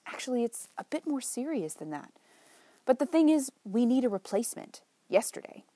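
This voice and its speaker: Brief: woman reading as a brisk, persuasive young man, a secretary, dry close sound. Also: a little high, big pitch swings, warm tone, no echo, voice pushed up. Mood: urgent. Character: earnest young male private secretary.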